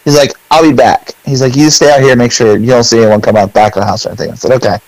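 Animated middle-aged man, very dry sound. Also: medium pitch, racing, dry recording, rough recording. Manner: animated storyteller, acts out his own lines; rambling with many fillers. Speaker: podcast co-host. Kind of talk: casual storytelling chat.

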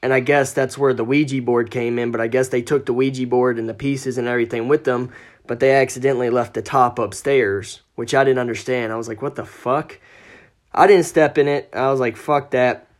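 A man's voice: medium pitch, fairly even intonation, brisk. A man telling a ghost story as a podcast guest, casual and profane, acting out the quoted lines.

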